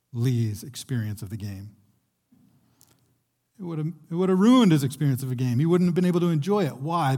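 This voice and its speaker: A young man gives a sermon with a mellow, somewhat husky voice. He preaches conversationally, often restarting his phrases as he builds a point. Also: mid-range voice. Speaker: pastor.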